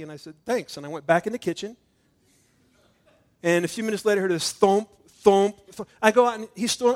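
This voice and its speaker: Man preaching at communion, loud then hushed. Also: high voice, a little fast. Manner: swings from loud emphatic preaching to hushed intimate tones; storytelling with acted-out dialogue. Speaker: pastor. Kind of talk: communion sermon.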